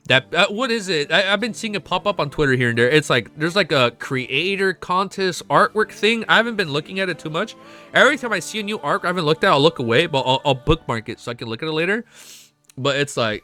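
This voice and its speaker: A young man streaming to his chat, excitable and emotional, swearing often and reading chat messages aloud. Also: a little high. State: emotional, close to tears. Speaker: streamer reacting to a web novel. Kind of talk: casual live-stream chat.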